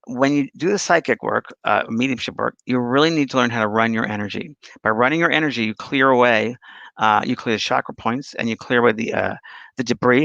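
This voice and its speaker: Man, spiritual talk host, casual, rambling storyteller, gravelly voice, bright tone. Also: medium pitch, no echo. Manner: chatty and rambling, telling anecdotes and answering viewer questions. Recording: dull lo-fi dry sound.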